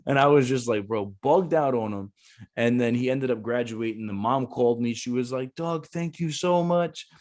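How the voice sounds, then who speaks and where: A man's voice: mid-range voice, moderate pace, a little mellow. A man, a Marine gunnery sergeant and former recruiter, talking casually on a podcast, blunt and cursing freely as he acts out the voices in his stories.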